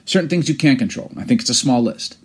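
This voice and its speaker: A man's voice: medium pitch, expressive, fast, breathy edge. A man in his forties co-hosting a podcast, telling stories in an earnest, reflective way. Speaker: podcast co-host. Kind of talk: casual chat.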